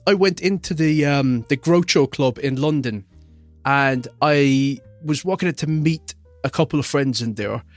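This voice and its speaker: A man's voice: a little high, no room sound. A man co-hosting a podcast, teasing his partner with dry wisecracks. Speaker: podcast co-host. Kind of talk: casual chat.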